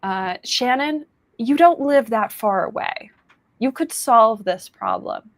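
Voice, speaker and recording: A woman's voice: a little high, expressive, takes it slowly, dry recording, clean studio sound. A woman hosting a casual podcast chat, rambling and laughing easily with lots of fillers. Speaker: podcast host.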